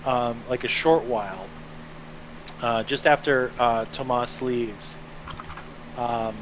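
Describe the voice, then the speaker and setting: Slow, hesitant male game master. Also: mid-range voice, background noise. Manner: relaxed, hesitant, many fillers. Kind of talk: narrating a tabletop game.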